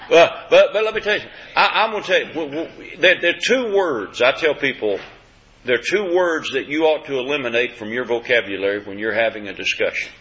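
Preacher guy telling stories from the pulpit, bright voice, kinda muffled roomy recording. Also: medium pitch. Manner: folksy storytelling preacher, repeats words, swings from loud to hushed. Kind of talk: sermon. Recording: echoey hall, dull lo-fi sound.

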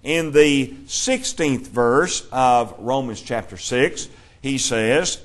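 A man leads a Bible class, speaking at a middle pitch. He explains each passage in a measured, steady way and reads verses aloud between his points.

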